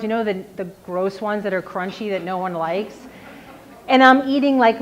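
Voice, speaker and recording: A woman, a defense attorney, telling a personal story at a live storytelling event in a casual, self-mocking way, with frequent "like". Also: medium pitch. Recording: slightly dull live recording with faint ambience.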